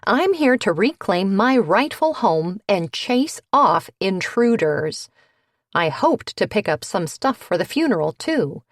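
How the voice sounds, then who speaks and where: A woman's voice: medium pitch, sing-song, no echo, studio quality. A woman narrator voicing a haughty, brash widowed landscaper who drags out her words. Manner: haughty, drawn-out emphasis.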